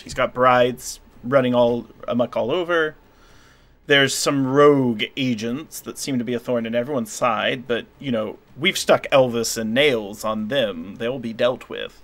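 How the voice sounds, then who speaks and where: A man narrating a tabletop game as game master, casual and a bit halting. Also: medium pitch, a bit bright. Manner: casual, hesitant, lots of fillers.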